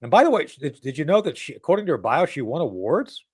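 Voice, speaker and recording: A man's voice: a little high, big pitch swings, fast, a little mellow, breathy edge. A man hosting a casual political talk show. He rambles and mocks, with many restarts and asides.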